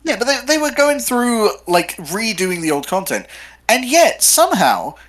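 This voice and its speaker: Lively, quick-talking podcast co-host. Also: medium pitch. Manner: quick, lively, joking agreement. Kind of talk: casual chat.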